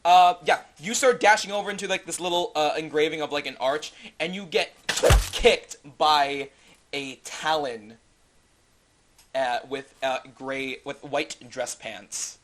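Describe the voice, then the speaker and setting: A man's voice: a little high, measured pace, a bit bright. A man narrating a tabletop game as game master, improvising loosely with many fillers.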